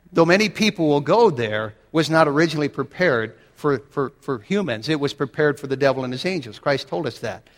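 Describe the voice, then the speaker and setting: A man's voice: on the high side, long reverb tail. A man preaching a sermon, reading scripture aloud and building to dramatic, emphatic swells.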